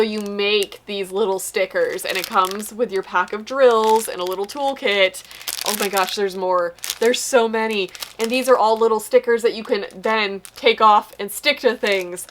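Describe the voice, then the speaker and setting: A woman's voice: mid-range voice, normal speed, a little hiss or hum. Gushing young woman unboxing books. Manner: gushing, excitable, exclaims often. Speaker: booktube vlogger. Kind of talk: casual unboxing chat.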